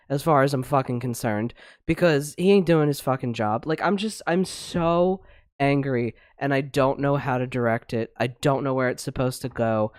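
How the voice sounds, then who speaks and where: This is a podcast co-host on a livestream, launching into an angry, profane rant. The pitch sits mid-range, and the sound is dry and close. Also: no room sound. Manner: angry, swearing, blunt ranting. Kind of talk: heated casual discussion.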